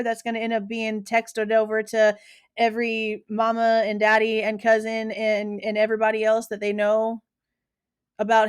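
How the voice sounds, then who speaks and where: A woman's voice: on the high side, level tone, moderate pace. A woman hosting true crime commentary, talking casually in a slangy, emphatic, opinionated way.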